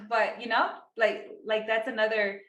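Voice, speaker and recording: Thirties woman, podcast co-host, chatty and animated, crisp bright tone, echoey room. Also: a little high, a little slow, lo-fi sound. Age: 30s. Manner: chatty, lots of "like" fillers, acts out quotes. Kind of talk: casual chat.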